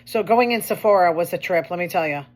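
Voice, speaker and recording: A woman's voice: on the low side, quick pace. A woman hosting her own show, talking in a chatty, wry way with complaining asides. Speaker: host. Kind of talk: casual monologue commentary.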